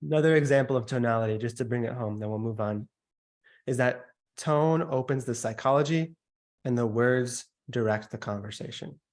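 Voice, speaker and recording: A man teaching a sales workshop, stressing points by slowing down and dropping his voice, and mimicking the noises listeners make. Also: mid-range voice. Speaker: sales coach.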